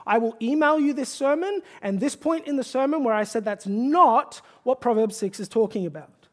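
A man's voice: very high-pitched, animated, fairly quick. A male pastor delivers a sermon in a conversational tone. He builds into emphatic, pleading exhortation.

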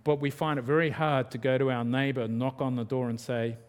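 A man's voice: medium pitch, steady tone, brisk, clear, resonant tone. A man preaching a sermon in a conversational style, acting out quotes. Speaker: pastor.

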